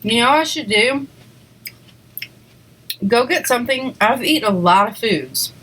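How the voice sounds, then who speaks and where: Slow, chatty woman eating on camera. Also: a little high, animated, bright, forceful tone, rough recording. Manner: chatty, lots of likes and ums, giggly. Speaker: eating show host. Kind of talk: casual mukbang chat to viewers.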